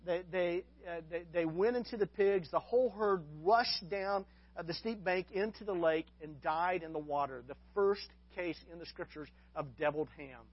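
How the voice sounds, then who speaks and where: A man's voice: high voice, moderate pace, highs cut off. A man preaching a sermon as pastor, often restarting and repeating words, with folksy asides to his congregation.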